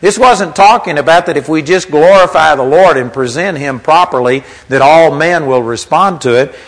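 A preacher man with a slightly raised pitch delivers a sermon. He talks in an easygoing, conversational teaching manner and reads scripture aloud along the way. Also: moderate pace, rough recording.

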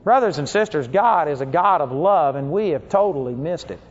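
A man preaching a sermon, telling stories and acting out the people in them. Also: normal speed. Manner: animated storytelling, acts out quoted people in higher voices. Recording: dull lo-fi recording.

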